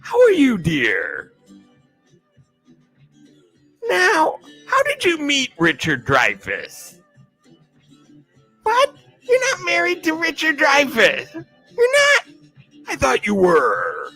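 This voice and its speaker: A man's voice: extremely high pitch, huge pitch swings, slow, creaky, long pauses, sharp tone, faint music behind, voice pushed up, full character voice. A man doing an impression of a fussy, nosy male celebrity interviewer with a squealing, theatrical manner.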